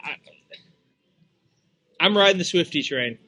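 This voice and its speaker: A man's voice: fairly high pitch, expressive, measured pace, pushed and bright. A man co-hosting a sports talk show, speaking casually with hesitant fillers. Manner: hesitant, many fillers and restarts. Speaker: co-host and casino representative. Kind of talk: casual chat.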